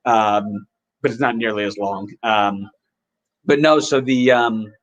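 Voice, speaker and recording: A man hosting a podcast, rambling casually and reacting excitedly while he watches a match live. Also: fairly low pitch, takes it slowly, poor audio. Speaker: podcast host.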